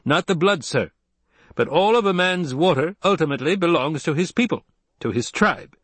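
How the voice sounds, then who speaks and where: A man voicing a cold, scholarly male ecologist who speaks in a calm, lecturing way. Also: fairly high pitch, brisk, breathy edge, dry recording, pitched above the performer's own voice.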